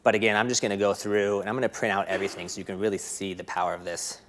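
A man with an American accent talks through a live coding demo at a conference. His voice sits a little low, and he moves quickly, padding his sentences with "um" and "you know.". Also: level tone. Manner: fast, filler-heavy technical explaining. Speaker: conference presenter.

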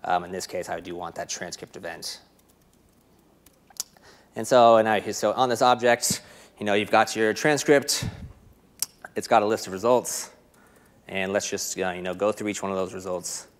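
A man with an American accent giving a fast, filler-laden technical conference talk while demoing code. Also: fairly low pitch. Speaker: conference presenter. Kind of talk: live coding demo talk.

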